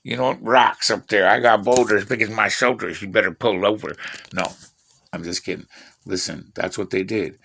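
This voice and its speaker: Fifties man, gravelly edge, bright tense tone, swears and brags as he rambles through stories. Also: fairly low pitch, steady tone, moderate pace, slight background noise. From Washington State, USA. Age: 50s. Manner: profane, boastful, meandering. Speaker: vlogger. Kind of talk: rambling personal storytelling.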